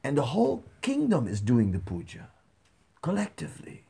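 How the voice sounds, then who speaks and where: A man's voice: medium pitch, wildly swooping pitch, moderate pace, vocal fry, dark tone, slightly rough, voice pushed up, exaggerated voice. A man voicing a humble male priest who earnestly plays down his own worship while telling a story in a spiritual talk. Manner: earnest, self-effacing.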